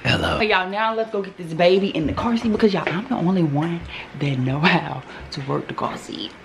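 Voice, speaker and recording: Young woman, casual phone vlog, jokey, clear background noise. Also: on the low side, a little fast. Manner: chatty, joking, addresses viewers as y'all. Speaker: vlogger. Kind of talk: casual vlog chat to camera. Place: home and car.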